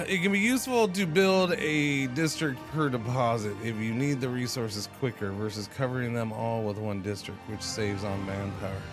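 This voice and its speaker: A man's voice: medium pitch, normal speed, few pauses, over music. A man streaming a game, chatting casually and rambling with playful exclamations. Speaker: livestreamer. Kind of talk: casual gaming commentary.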